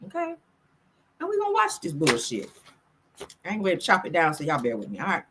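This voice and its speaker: A woman doing casual celebrity gossip commentary, loud, sassy and profane. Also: low voice, huge pitch swings, fast talker, long pauses, noisy background.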